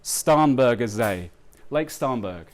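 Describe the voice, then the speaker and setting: A man giving a heartfelt, halting talk to a live audience at a book launch, with many pauses and restarts. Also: mid-range voice, lively intonation. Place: live event before an audience.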